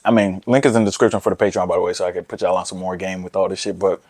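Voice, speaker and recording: A young man rattles off blunt dating advice to camera at a quick clip. His voice sits low, and his delivery is brash and profane, full of repeats and restarts. The sound is close and dry, with no room to it. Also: little pitch movement, darkish tone, no echo. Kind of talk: casual rant to camera.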